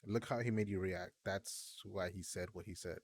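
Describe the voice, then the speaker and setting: A man with a very deep, husky voice chats in an easygoing, rambling way. He drifts through his points with plenty of fillers and hesitations. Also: fairly even intonation, normal speed, a little mellow, dry recording. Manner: laid-back, rambling, with fillers. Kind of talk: casual chat.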